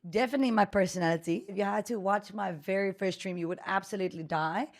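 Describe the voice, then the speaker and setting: A young adult woman with a South African accent blended with Australian, a chatty, high-energy podcast guest talking about streaming. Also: fast talker, no echo. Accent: South African mixed with Australian. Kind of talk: casual interview talk.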